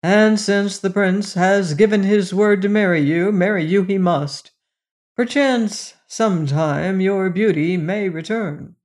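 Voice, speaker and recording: A stern old king from a fairy-tale storybook, impatient and quick to take offence, put on by the narrator. He speaks in loud, indignant bursts at a slow, weighty pace, with a middling pitch. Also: lightly acted. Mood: grave. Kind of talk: storybook character voice.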